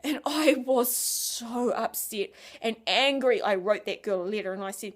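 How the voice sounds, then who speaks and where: A woman telling a Christian story to children in an animated, expressive way, dropping to a hush and then rising loud. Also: a little high, unhurried, hardly any pauses.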